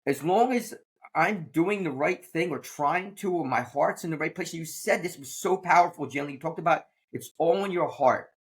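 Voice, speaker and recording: A man's voice: a little high, moderate pace. A man hosting a podcast, a teacher who talks in a blunt, plain-spoken way during casual conversation. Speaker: podcast host.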